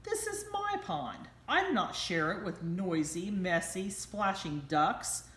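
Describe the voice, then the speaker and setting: A woman voicing a stuck-up male swan in a storybook read-aloud, speaking slowly with a cold, hissing manner. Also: lowish voice, very animated, fairly bright tone, heavily acted. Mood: haughty. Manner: slow, drawn-out hissing delivery. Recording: roomy echo.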